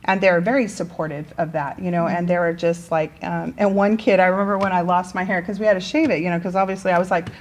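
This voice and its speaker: A woman's voice: on the low side, fairly even intonation, fast talker, few pauses. Middle-aged woman, teacher, casual chatty delivery, lots of fillers and self-corrections. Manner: chatty, many fillers and restarts. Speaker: teacher and guest. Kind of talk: casual conversation.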